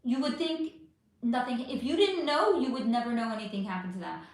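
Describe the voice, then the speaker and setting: A woman hosts a casual livestream, reading out viewer questions and answering them. Her voice sits high and swoops around a lot, and she talks straight to her viewers with plenty of emphasis. The sound bounces around a very echoey room. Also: lively intonation, fairly quick.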